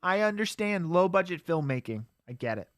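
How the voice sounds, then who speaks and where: A podcast co-host animatedly retells a bad movie in a casual riffing chat, laughing often and using "uh" fillers. His high voice swings widely in pitch at a normal speed, and the studio recording is clean with no room sound.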